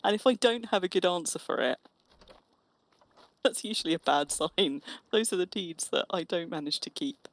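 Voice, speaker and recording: A woman with a lowish voice and lively intonation chats casually and teasingly while streaming an online game, often restarting her phrases. She talks at a normal speed, and there's no echo.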